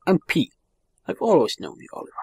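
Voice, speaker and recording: A man's voice: fast, mellow, no room sound, natural voice. Man doing a coy little fairy girl. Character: small mysterious female fairy, playful and elusive.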